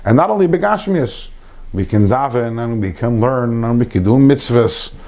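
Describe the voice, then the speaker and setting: A man's voice: mid-range voice, expressive, normal speed, a little mellow. A man giving an informal Torah lesson to a small group, earnest, repeating phrases and mixing in Hebrew terms. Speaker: Torah class teacher.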